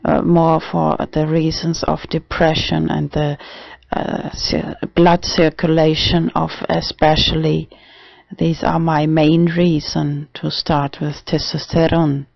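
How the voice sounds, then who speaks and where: Trans guy rambling slow in a video diary, gravelly voice, dull dry lo-fi audio. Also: fairly high pitch, completely flat delivery, dry recording. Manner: halting, full of restarts and fillers. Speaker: vlogger.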